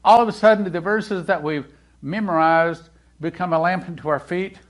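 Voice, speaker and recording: A man preaching a sermon in a conversational way, asking the congregation questions and swinging between loud and hushed delivery. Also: high voice, normal speed. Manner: animated, swings from loud to hushed, acts out quoted dialogue.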